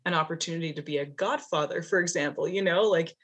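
A woman's voice: lowish voice, quick pace, fairly bright tone, slightly rough. A woman from Canada hosting an interview, talking with enthusiasm and reflection and laughing often. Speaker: podcast host. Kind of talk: casual interview chat.

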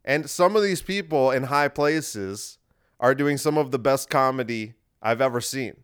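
A man's voice: mid-range voice, expressive, a little slow, clear, resonant tone. A man hosting a podcast, talking in a casual, wry and rambling monologue that circles back and repeats itself. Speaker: podcast host.

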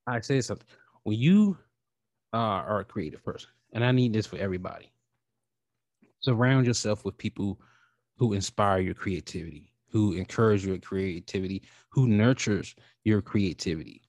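A man hosting his own podcast in a casual, rambling way, talking with animated feeling and casual swearing. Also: on the low side, a little fast, no room sound. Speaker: podcast host. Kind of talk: casual solo podcast talk.

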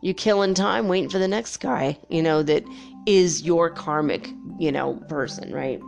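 A woman's voice: sits low, moderate pace, vocal fry, darkish tone, faint music behind. A middle-aged woman in casual chat, swearing freely and telling stories with animation. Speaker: spiritual vlogger.

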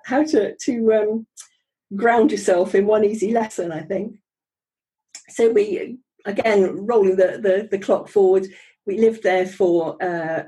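Husky, mellow middle-aged woman. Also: fairly high pitch, poor audio. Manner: chatty and wry, with frequent ums and restarts. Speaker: guest telling her career story. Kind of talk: conversational storytelling.

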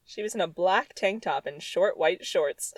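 In an unhurried, lowish voice, a woman comically reads a story from her own childhood, breaking off for sarcastic, exasperated remarks. The low-quality recording carries no room sound.

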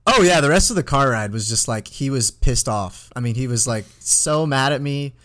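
A man's voice: mid-range voice, lively intonation, moderate pace, a bit bright. A young man in his twenties, co-hosting a podcast and telling a rambling story full of fillers in casual chat. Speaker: podcast co-host.

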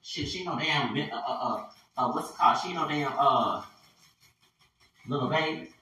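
A man in his forties delivering an angry, profane solo podcast rant. He stammers, restarts his sentences and breaks into loud, heated bursts. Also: on the high side, normal speed. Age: 40s. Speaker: podcast host.

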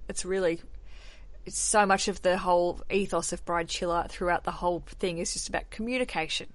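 A woman's voice: lowish voice, fairly even intonation, brisk. A woman hosting a podcast, chatting candidly and swearing casually. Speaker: podcast host.

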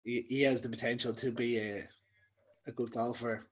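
A man's voice: mid-range voice, level tone, moderate pace, husky. A man co-hosting a podcast, chatting casually with short remarks and tag questions. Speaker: podcast co-host. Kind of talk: casual film chat.

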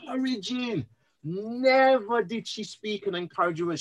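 A man, speaking as a podcast guest, earnest and emotional, telling his story in an animated way. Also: high voice, moderate pace, rough recording. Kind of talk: candid interview conversation.

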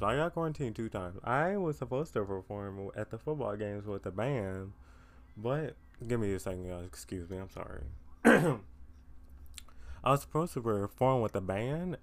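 Tired teen male podcast host, lowish smooth voice, rambling casual chat full of fillers. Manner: rambling, filler-heavy, self-deprecating.

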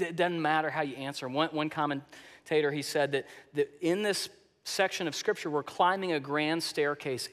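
A male pastor preaching a sermon with emphasis, moving between loud declarations and soft, hushed lines, and often repeating words as he speaks. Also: fairly high pitch. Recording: long reverb of a large hall.

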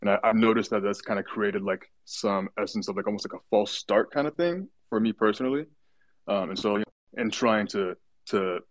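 Deep-voiced man moderating casually. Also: no room sound. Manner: hesitant, filler-heavy, appreciative. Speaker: moderator of an artist chat. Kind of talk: casual online group chat.

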